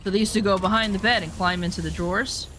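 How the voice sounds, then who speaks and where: Woman telling profane, animated stories. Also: medium pitch, quick pace, a little hiss or hum. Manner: profane, animated, rambling anecdotes. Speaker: storyteller. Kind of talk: casual storytelling chat.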